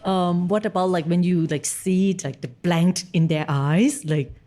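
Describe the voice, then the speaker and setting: A woman's voice: lowish voice, fairly even intonation, unhurried, mellow. A woman chatting on a podcast, hesitant, leaning on "like", with non-native grammar. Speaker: podcast guest. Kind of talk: casual chat.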